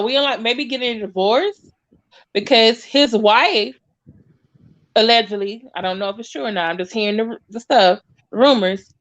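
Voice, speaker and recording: Chatty woman co-host, hesitant fillers, fairly high voice, dull lo-fi audio. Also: fairly bright tone. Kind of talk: casual livestream chat.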